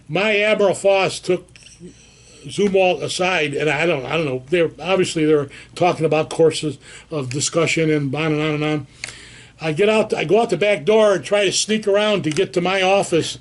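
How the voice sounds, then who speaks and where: An older American veteran tells a lively war-era anecdote in an interview, animatedly acting out quoted voices. His pitch is fairly high and his pace normal.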